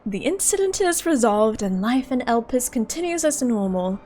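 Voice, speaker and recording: A woman reading a calm, wry ancient male scholar from a game aloud, in an unhurried, measured way. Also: a little high, slight background noise. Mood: musing.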